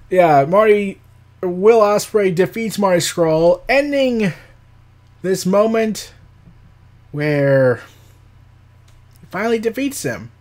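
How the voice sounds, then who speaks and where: On his loose, unscripted commentary show, this podcast host speaks in a fairly high, darkish voice. His talk wanders and drips with sarcasm, punctuated by frequent laughter and an occasional curse.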